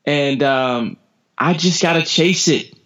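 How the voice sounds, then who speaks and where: An American man in his thirties, a sprinter telling motivational stories as a podcast guest, energetic, repeating his words and laughing often. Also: on the high side, takes it slowly. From United States. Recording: dull lo-fi podcast audio.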